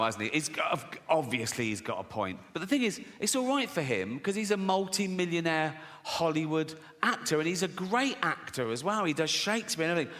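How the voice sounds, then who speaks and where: A man's voice: on the high side, pushed and bright. A British man doing stand-up comedy, brash and profane, often chuckling at his own jokes. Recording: long hall reverb, faint noise.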